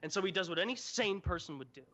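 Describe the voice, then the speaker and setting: A man's voice: high-pitched, animated, quick pace, bright, forceful tone, lo-fi sound. A man casually retelling a story on a livestream, irreverent, sarcastic and profane. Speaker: livestream co-host.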